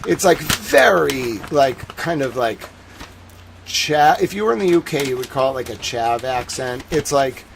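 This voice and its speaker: A man's voice: medium pitch, animated, unhurried, creaky, a little hiss or hum. Rambling Massachusetts man on livestream. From Massachusetts, USA. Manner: rambling, heavy use of "like" fillers. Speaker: livestream host. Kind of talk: casual livestream chat.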